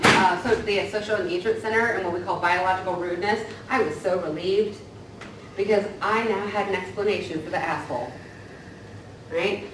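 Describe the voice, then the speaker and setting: A woman counselor leads a casual staff training lecture, regularly checking in with "right?" after her points. Her voice is medium-pitched and a bit bright, picked up from a distance in an echoey room with faint background noise.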